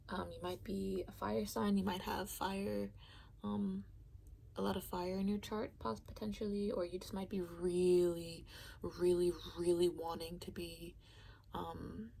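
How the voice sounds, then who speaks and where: A woman giving a casual pick-a-card tarot reading, rambling and halting, sometimes dropping into a soft whisper. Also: lowish voice, creaky, slight background noise, low-quality recording. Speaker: tarot reader.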